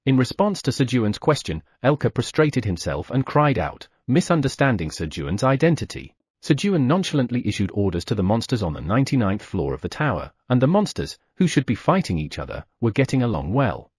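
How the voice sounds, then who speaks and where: A man narrating an audiobook in a lively storytelling manner, voicing the sound effects. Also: medium pitch, brisk, hardly any pauses, slightly rough, no room sound, clean studio sound. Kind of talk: scripted narration.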